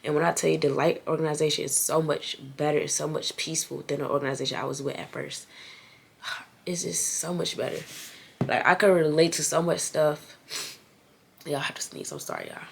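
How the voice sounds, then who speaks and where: A young woman with a stuffy nose speaks earnestly and casually in a vlog, addressing viewers directly as "y'all." Her voice is low-pitched, creaky, and brisk, with fairly even intonation and slight background noise.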